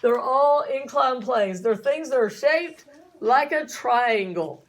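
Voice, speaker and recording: Woman science teacher, high voice, folksy and chatty in front of a class. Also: animated, slow. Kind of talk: classroom lecture.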